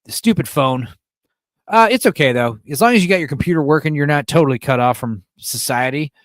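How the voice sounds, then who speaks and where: A man's voice: a little high, fairly quick, no room sound, clean studio sound. An American man hosting a casual livestream chat, rambling and swearing freely as he answers viewers. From United States. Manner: profane, rambling, animated; reads and answers chat messages. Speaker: podcast host.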